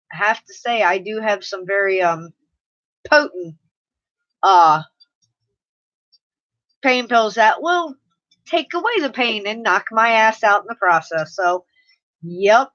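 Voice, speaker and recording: A woman's voice: fairly high pitch, a bit bright. A middle-aged woman, chatting casually on a live stream, laughing often and swearing freely. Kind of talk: casual chat reading live comments. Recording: slightly muffled lo-fi mic audio.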